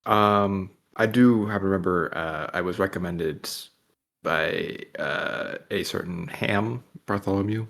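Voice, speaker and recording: A man's voice: low-pitched, measured pace, vocal fry, fairly bright tone. A man chatting casually as a player in a tabletop role-playing game, loose and questioning.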